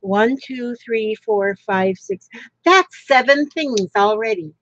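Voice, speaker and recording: A woman's voice: fairly high pitch, slow, a bit bright, highs cut off, slight background noise. A woman from Florida who chats casually while crafting on a livestream and reads out viewer comments. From Florida, United States.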